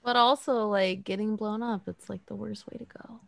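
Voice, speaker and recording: A woman's voice: medium pitch, fairly even intonation, moderate pace, vocal fry, fairly bright tone, no room sound. Woman cohost rambling n joking, swears a lot, dry close mic. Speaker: podcast co-host. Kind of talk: casual chat.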